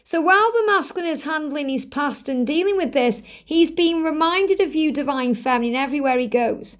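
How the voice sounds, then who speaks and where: Woman, high voice, tarot reader, earnest, repeats phrases, gentle emphasis. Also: expressive, brisk. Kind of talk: spiritual tarot card reading.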